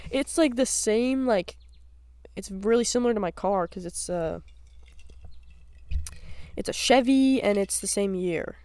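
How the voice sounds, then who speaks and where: A woman's voice: medium pitch, measured pace, long pauses, a little mellow, dry recording. A woman co-hosting a podcast in casual chat, giggly and full of fillers. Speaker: podcast co-host. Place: cabin.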